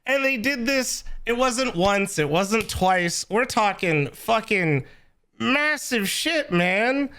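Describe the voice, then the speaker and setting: A man's voice: high-pitched, lively intonation, slow, bright, forceful tone, clear, resonant tone. A man hosting a stream, ranting in a heated, incredulous way and swearing a lot. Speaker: streamer host. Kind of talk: casual profane rant.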